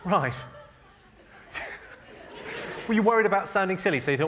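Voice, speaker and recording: A man with a fairly high voice works the room in a deadpan, teasing stand-up roast. He speaks into a stage mic in a live theatre, with loud laughter from the audience behind him. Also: a little slow, long pauses, very noisy. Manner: deadpan, teasing crowd work. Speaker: stand-up comedian.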